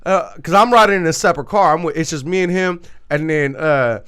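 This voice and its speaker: A man with a fairly high, bright and forceful voice rambles through crude stories on a casual podcast. He swears freely and keeps the talk loose. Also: a little fast, clear, resonant tone. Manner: crude, rambling, laughs while telling stories. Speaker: podcast co-host. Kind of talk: casual storytelling chat.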